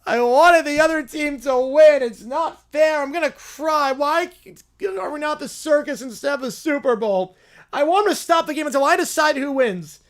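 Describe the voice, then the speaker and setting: A man's voice: very high voice, normal speed, voice pushed up. A man putting on the voice of whiny, bratty young kids. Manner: whining, petulant.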